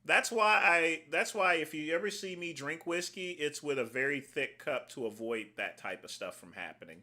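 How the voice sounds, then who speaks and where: Bright-voiced man mocking video clips. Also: a little high, moderate pace. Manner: crude, mocking, folksy asides to the audience. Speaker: livestream host. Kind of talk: casual commentary over played clips.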